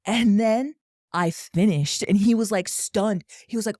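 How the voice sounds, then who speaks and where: A woman's voice: mid-range voice, a little slow, darkish tone, no echo, studio quality. A young adult woman casually telling a candid, profane story, laughing as she goes. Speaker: podcast guest.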